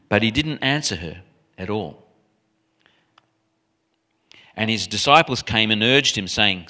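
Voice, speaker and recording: A man preaching a sermon in an animated, emphatic way, often restarting his sentences. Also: medium pitch, a little slow.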